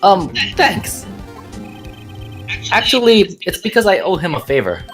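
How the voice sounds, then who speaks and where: A woman's voice: medium pitch, big pitch swings, unhurried, fairly bright tone, soft background music, pitched above the performer's own voice. A woman voicing an earnest young male rookie defense attorney who tells his story plainly.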